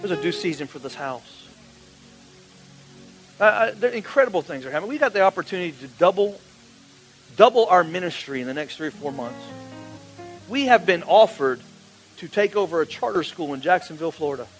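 A male pastor preaching a sermon, calling on the congregation to answer back and building to loud, emphatic peaks. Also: high-pitched, expressive, a little fast, long pauses, faint music behind, low-quality recording. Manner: call-and-response preaching, rising to shouts.

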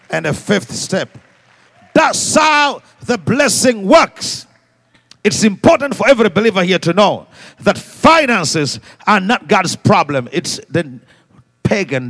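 Male preacher exhorting a congregation. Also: a little high. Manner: call-and-response exhortation, swinging from quiet asides to shouts. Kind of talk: sermon. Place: church service before a congregation.

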